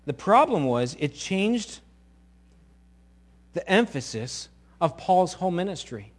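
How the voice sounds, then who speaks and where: A middle-aged male pastor preaching a sermon, animated and sometimes acting out quoted voices loudly. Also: high voice, slow pace.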